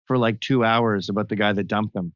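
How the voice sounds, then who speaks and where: A man's voice: fairly low pitch, fairly even intonation, fairly quick, no room sound, dull audio. A man talking casually as a podcast guest, telling crude, blunt stories. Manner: crude, blunt storytelling with acted quotes.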